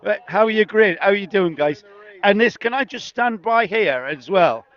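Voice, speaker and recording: A man's voice: high voice, expressive, moderate pace. A middle-aged man from northeast England with a northeast English accent, doing chatty, teasing on-the-spot interviews outdoors at a racetrack with a handheld mic. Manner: chatty and teasing, jokey banter. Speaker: trackside roving interviewer. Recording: dull lo-fi outdoor sound.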